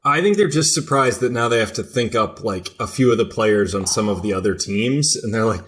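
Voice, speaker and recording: A man's voice: fairly low pitch, animated, a little fast, hardly any pauses. A man co-hosting a podcast in casual chat with dry jokes. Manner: dry joking. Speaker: podcast producer and co-host.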